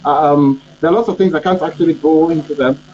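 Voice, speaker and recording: Male trainer, high mellow voice, emphatic and repetitive teaching, dull lo-fi recording. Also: fairly quick. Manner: emphatic, repetitive, asks "you understand?". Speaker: communication trainer and coach. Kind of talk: instructional talk. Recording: dull lo-fi audio with faint electrical hum.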